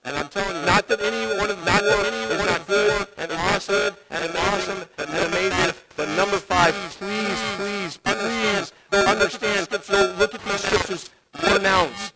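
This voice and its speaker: High-voiced energetic preaching man. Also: normal speed, gravelly, hardly any pauses, over loud music, poor audio. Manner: energetic, emphatic repetition. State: voice strained from yelling. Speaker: pastor. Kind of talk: sermon.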